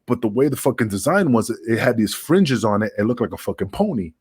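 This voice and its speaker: A man's voice: medium pitch, big pitch swings, fast, a little mellow, slightly rough. A man, a former wrestler guesting on a podcast, telling rambling, profane stories and laughing as he goes. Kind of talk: casual storytelling.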